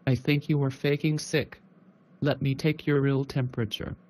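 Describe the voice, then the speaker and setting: A synthetic male text-to-speech voice playing a fussy, gullible mother in a cartoon, with a flat, even delivery. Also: mid-range voice, normal speed, close to an everyday voice. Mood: concerned.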